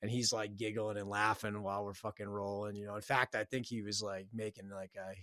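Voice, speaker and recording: A man with a fairly low voice delivers a blunt, heavily profane pep talk as a solo podcast host. His sound is close and completely dry, with no room around it. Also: flat delivery, fairly quick, bright, forceful tone, dry recording. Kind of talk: solo motivational podcast monologue.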